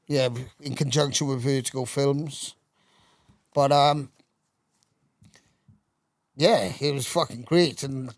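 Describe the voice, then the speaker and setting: A middle-aged man, a podcast guest, telling animated anecdotes and swearing constantly in casual storytelling. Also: mid-range voice, dry recording, studio quality.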